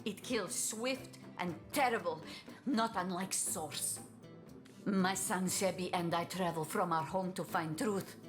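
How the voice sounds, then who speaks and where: A woman's voice: lowish voice, slow, music in the background. An actress voicing a middle-aged grieving mother in a video game, with an Italian accent and broken English full of "how you say" asides. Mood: grim. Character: middle-aged mother, a grieving, fiercely loyal source hunter.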